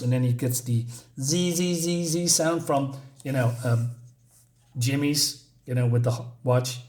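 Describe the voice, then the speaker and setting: A man's voice: medium pitch, a little slow, a little mellow. Rambling man with a voice. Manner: rambling, many fillers, chuckles while summarizing. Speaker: comic book reviewer. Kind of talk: casual comic review vlog.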